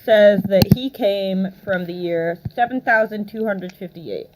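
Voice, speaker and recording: A woman's voice: medium pitch, expressive, measured pace, noisy background. A woman narrating and running a tabletop role-playing game, speaking hesitantly with fillers. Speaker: game master.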